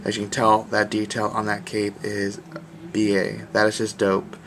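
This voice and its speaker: Low-voiced man chatting about a toy. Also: monotone, normal speed, a little hiss or hum. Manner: enthusiastic, slangy, rambling. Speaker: toy reviewer. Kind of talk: casual video review.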